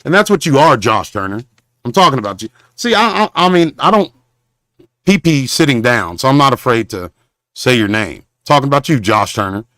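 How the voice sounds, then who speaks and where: A man from Southern hosting a confrontational livestream rant, rambling and halting, with preacher-like condemnations. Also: medium pitch, big pitch swings, pushed and bright, no room sound, clean studio sound. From Southern Oklahoma. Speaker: show host.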